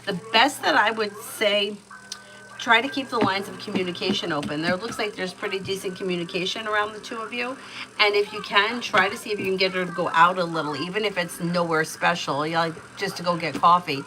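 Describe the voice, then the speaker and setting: A woman's voice: mid-range voice, brisk, noisy background. A woman doing live-stream tarot readings, reading out viewers' questions and answering them plainly. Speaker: tarot reader.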